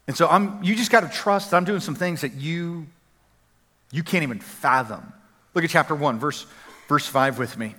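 Guy pastor preaching, bright ringing voice, big echoey church hall. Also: a little high, moderate pace. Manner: energetic conversational preaching with repeated phrases. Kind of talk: sermon. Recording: long hall reverb.

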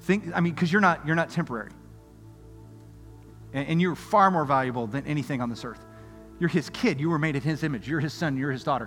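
A middle-aged man preaching a sermon, telling a story in a lively, conversational way, going from loud excitement to quiet earnest appeals. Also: a little high, brisk. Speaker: pastor. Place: church auditorium. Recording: music under voice in a reverberant hall.

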